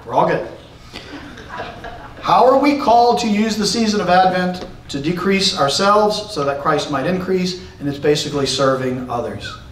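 Excitable man preaching in an echoey hall. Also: high-pitched, far from the mic, a little hiss or hum. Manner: excitable, emphatic, shouting at peaks. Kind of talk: church lesson to a congregation. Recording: roomy echo, recorded from afar.

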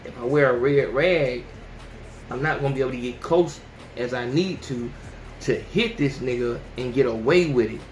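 A man hosting a podcast, ranting casually and with plenty of profanity, who often jumps into high yelling voices to mimic people. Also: moderate pace, roomy sound, muffled recording, slight background noise. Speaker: podcast host. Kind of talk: casual opinion rant.

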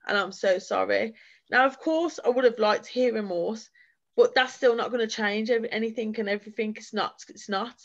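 A woman's voice: fairly high pitch, moderate pace. Earnest woman giving heartfelt testimony, slightly dull sound. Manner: earnest, heartfelt, speaks in long flowing runs. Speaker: guest speaker sharing her experience. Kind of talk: personal testimony at a forum.

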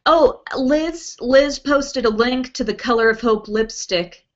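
A chatty woman with a fairly high voice hosts a beauty live stream from home, reading out viewer comments between ums and small laughs. The sound is a bit dull and lo-fi, like an older webcast. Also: slow. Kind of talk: casual live-stream chat.

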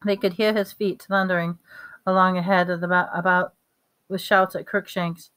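A woman reading a novel aloud at a steady pace, with small slips and restarts. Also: fairly low pitch, normal speed, clear, resonant tone. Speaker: reader.

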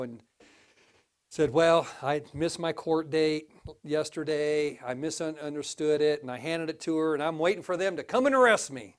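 A male pastor preaching a sermon, telling a folksy story with big swings between quiet and loud. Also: on the high side.

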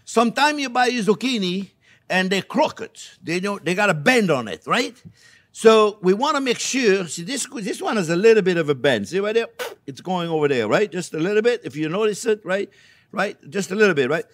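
Older male chef, high-pitched voice, chatty, joking, cooking demo in a kitchen. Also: expressive, moderate pace. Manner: chatty and joking, calls viewers my friends. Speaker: chef and cooking show host. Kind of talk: casual cooking demonstration. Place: home kitchen.

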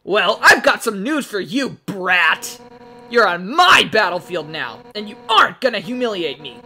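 A woman's voice: medium pitch, sing-song, unhurried, bright, forceful tone, voice pushed up, exaggerated voice. A woman voicing a fierce, hot-tempered female fish warrior who talks in a brash, boastful way.

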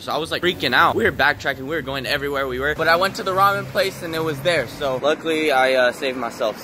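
A man's voice: mid-range voice, noisy background. A young man from Colorado vlogging in a casual, slangy, rambling way while walking outdoors on city streets. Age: young adult. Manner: slangy, rambling, excitable storytelling. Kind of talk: casual vlog talk.

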